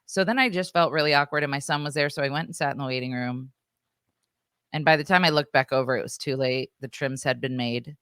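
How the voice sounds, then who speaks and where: Low-voiced woman telling a story. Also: quick pace, fairly bright tone, clean tone, no room sound, studio quality. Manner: chatty, filler-heavy, acts out quoted voices. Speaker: podcast co-host. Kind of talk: casual storytelling chat.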